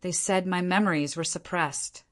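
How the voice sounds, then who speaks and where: A woman's voice: fairly low pitch, fairly even intonation, moderate pace, close to an everyday voice. A woman reading the lines of a frightened young woman, the narrator's kid sister, her voice shaky. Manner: shaky, scared.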